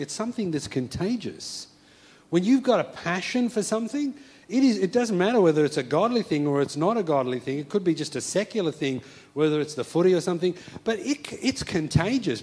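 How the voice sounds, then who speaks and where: A man delivers a sermon in a fervent storytelling manner. His voice sits slightly on the high side, and he drives his points home by repeating them with conviction. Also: husky. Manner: fervent storytelling with emphatic repetition. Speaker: preacher.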